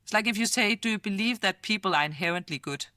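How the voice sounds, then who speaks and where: A middle-aged woman with a Danish accent, a futurist guest in a casual interview, talking lively, laughing often and acting out quoted voices. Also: mid-range voice, fast, dry recording, studio quality. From Denmark.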